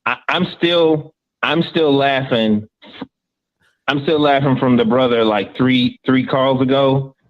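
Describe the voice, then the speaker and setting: A man's voice: medium pitch, slow pace, dull audio. Polite caller reading prepared points, man. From Florida.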